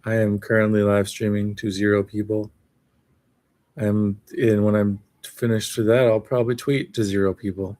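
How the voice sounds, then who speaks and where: A man's voice: lowish voice, flat delivery, moderate pace, darkish tone, dry recording. A man live streaming alone, rambling in a sardonic, self-mocking way as he reacts to what he reads. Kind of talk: casual solo live stream commentary.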